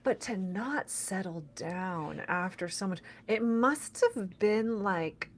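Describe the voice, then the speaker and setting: A woman's voice: medium pitch, slow pace. A woman co-hosting a podcast, chatting casually and thinking aloud in a hesitant way that trails off and restarts. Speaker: podcast co-host. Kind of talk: casual chat.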